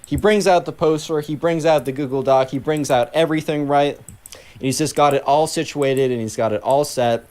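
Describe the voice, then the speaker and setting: A man's voice: on the high side, normal speed, darkish tone, smooth. A man telling a story in a casual, rambling way, full of filler words, while he plays a game. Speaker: gaming channel host.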